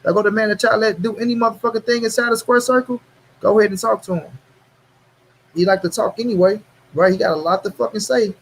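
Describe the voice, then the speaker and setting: A man with a raised, slightly husky voice holds forth on his own channel. He talks right at his audience in street slang, swearing and repeating himself for emphasis. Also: high voice, fairly even intonation, fast talker, rough recording. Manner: profane, emphatic, repeats lines for stress; addresses viewers directly, street slang. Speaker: boxing commentary channel host. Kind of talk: casual ranting commentary.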